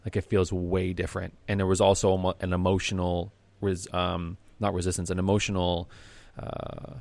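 A man with a low, gravelly voice co-hosts a casual podcast and talks things through in an earnest, reflective way, often pausing on fillers. His voice is recorded close and dry, with no room sound. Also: monotone, a little mellow, no echo. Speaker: podcast co-host.

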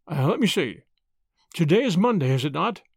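A man's voice: fairly high pitch, very animated, moderate pace, creaky, a little mellow, breathy edge, dry recording, clean studio sound, heavily acted. A man reading the part of a polite, bewildered doctor who speaks hesitantly. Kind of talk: audiobook character reading.

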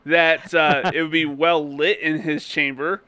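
A man's voice: a little high, little pitch movement, unhurried, bright, forceful tone, clear, resonant tone, dry recording. A man in a casual Bible study, explaining the story and reading verses aloud.

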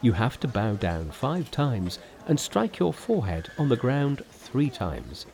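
A man's voice: medium pitch, sing-song, measured pace, vocal fry, darkish tone. A man voicing an earnest, proper male pilgrim monk in an audiobook.

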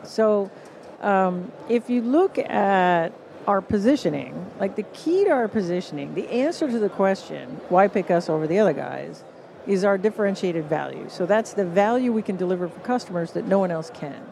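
A woman with a Canadian accent talks through her ideas as a podcast guest, full of anecdotes and little acted-out quotes. Her voice is mellow and relaxed rather than bright. A faint noise sits under the recording. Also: medium pitch, moderate pace, gravelly. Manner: animated storyteller, acts out quoted reactions. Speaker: guest author and positioning consultant. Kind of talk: conversational interview on a podcast stage. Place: live podcast stage at a conference.

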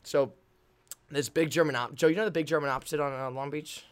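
A young man hosting a podcast, telling a story in an animated, excitable way with many restarts. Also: a little high, quick pace, smooth. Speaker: volleyball player and podcast host. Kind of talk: casual storytelling.

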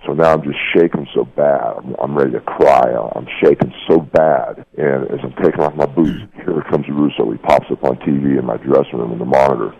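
A man's voice: a bass voice, steady tone, fairly quick, gravelly, few pauses, husky. A man guesting on a radio show, telling a heated story in a blunt, profane way and calling the listener "brother.". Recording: dull lo-fi radio broadcast.

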